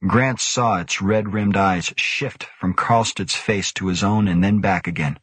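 A man narrating an audiobook in a measured, suspenseful manner. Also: low-pitched, fairly bright tone, slightly rough, no room sound.

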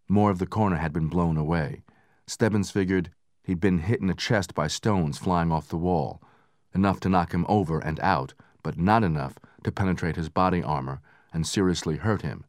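A man narrating a book in steady, measured scripted narration, raising his voice for the soldiers' lines. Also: low voice, no echo, clean studio sound. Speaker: audiobook narrator.

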